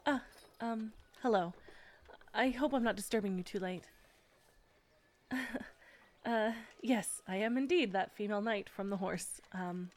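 A woman's voice: mid-range voice, a little slow, long pauses, slight background noise, natural voice. A woman playing a bashful war-weary knight. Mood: shy, tender. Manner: hesitant and bashful, many soft fillers. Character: shy, war-weary female knight commander. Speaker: audio role-play performer. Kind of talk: audio role-play.

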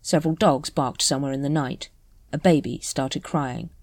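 A woman's voice: rumbling low, moderate pace, no room sound, studio quality. A woman reading a story aloud as narrator, telling it expressively. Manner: expressive storytelling with voiced characters. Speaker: audiobook narrator. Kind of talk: scripted narration.

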